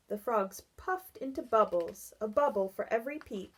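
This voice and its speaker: A woman reading a children's picture book aloud, softly and expressively, with sing-song sound effects. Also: a little high, expressive, moderate pace. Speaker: children's reader.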